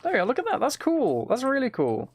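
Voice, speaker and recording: A man's voice: very high voice, huge pitch swings, fairly quick, a little hiss or hum. A man chatting casually with his live-stream audience while he plays a game, rambling, joking and teasing viewers.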